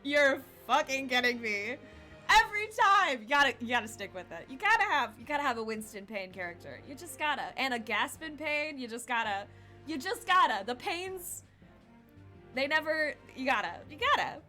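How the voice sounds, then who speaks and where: A young woman streaming a game, reacting excitedly, laughing and swearing between voiced lines. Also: high-pitched, fairly quick, faint music behind. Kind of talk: gameplay commentary with voiced reading.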